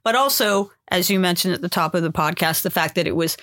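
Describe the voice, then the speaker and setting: Podcast host with a middle-pitched voice, rambly and thoughtful, lots of "um" and "like", dry close mic. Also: fast, fairly bright tone, dry recording. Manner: rambling and thoughtful, with filler words and self-corrections. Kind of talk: casual podcast conversation about music subculture.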